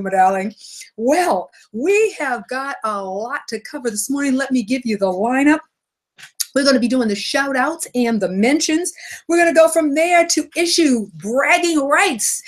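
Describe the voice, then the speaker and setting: A woman hosting a live money broadcast, upbeat and energetic, repeating phrases for emphasis and greeting viewers by name. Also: high voice. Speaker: host of a live wealth broadcast. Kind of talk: upbeat live-stream talk.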